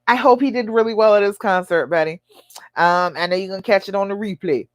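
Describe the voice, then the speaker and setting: A woman's voice: medium pitch, a little fast, no echo. A woman hosting a live relationship-coaching show, answering viewer questions in an earnest, encouraging way and acting out imagined inner voices.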